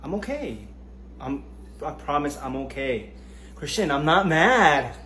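A man's voice: fairly high pitch, big pitch swings, a little slow, a bit bright. A man playing a sulky sarcastic wife. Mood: sulking. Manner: insists she is not mad, sulky and sarcastic. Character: nagging passive-aggressive young wife. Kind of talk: comedy sketch. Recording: echoey room, distant mic, background noise.

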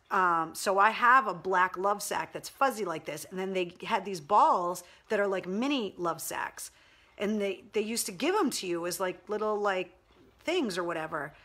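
A woman's voice: medium pitch, pushed and bright. Chatty woman hosting a casual livestream. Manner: chatty, rambling, baby talk to her dog. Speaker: live stream host. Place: at home.

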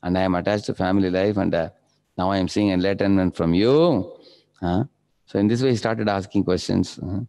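A man giving a devotional lecture, telling a story and often checking in with the audience with a quick "huh?". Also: low-pitched, steady tone, dark tone. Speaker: spiritual lecturer.

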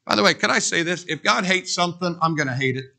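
A man's voice: high voice, expressive, quick pace, gravelly, pushed and bright. A man pastor preaching a sermon in a church, emphatic and drilling points with call-and-response. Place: church sanctuary.

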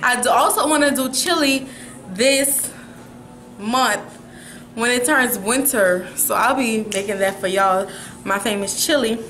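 A woman's voice: a little high, measured pace, background noise. A young woman vlogging at home, chatting upbeat to the camera about her plans. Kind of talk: casual chat to camera. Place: at home, indoors. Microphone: handheld camera.

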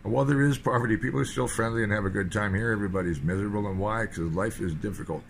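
A man's voice: fairly low pitch, very fast, vocal fry, slight background noise. A man from British Columbia giving a rambling, sardonic political monologue in loose fragments. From British Columbia, Canada. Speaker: political commentator.

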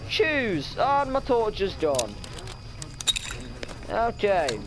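A man's voice: high-pitched, sing-song, very slow, noisy background. A young man commenting on a horror game, muttering nervously to himself and breaking into sudden startled shrieks. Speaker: gaming channel host.

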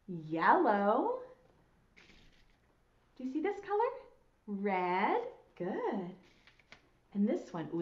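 A high, bouncy woman's voice, a preschool teacher who speaks slowly and in a sing-song way to little children, praising them often. The sound is roomy and a bit dull, like a lo-fi recording in a classroom. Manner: sing-song, slow and exaggerated, with frequent praise. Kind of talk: teaching young children on video. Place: school.

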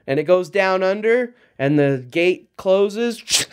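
A man retelling a film story for young children, animated and quizzing his listeners as he goes. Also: high voice, slow, clean tone.

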